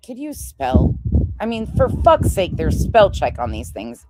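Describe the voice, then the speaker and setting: A woman's voice: medium pitch, huge pitch swings, unhurried, background noise. A woman ranting in a commentary vlog, sarcastic and mocking, swearing often. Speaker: online commentator.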